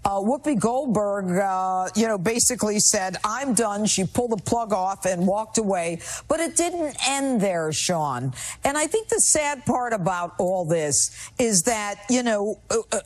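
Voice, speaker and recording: A woman's voice: mid-range voice, lively intonation, unhurried, few pauses, faint music behind. A woman guest in a TV news interview, telling her story in an indignant, emphatic way. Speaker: TV guest, former judge.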